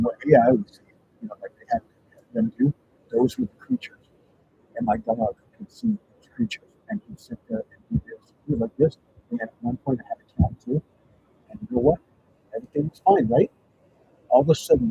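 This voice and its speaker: Man, casual storytelling, rambling, swearing, high voice, swoops up and down. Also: creaky, warm tone, slight background noise, poor audio. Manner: rambling and profane, many restarts.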